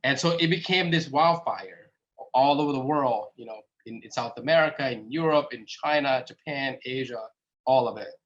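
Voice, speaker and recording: A man recounts his experience in casual spoken talk, leaning on fillers and acting out the conversations he had. His pitch sits in a middle range. The audio is dull and lo-fi. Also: normal speed, fairly bright tone. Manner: conversational, many fillers, acts out quoted exchanges. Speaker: speaker, app founder.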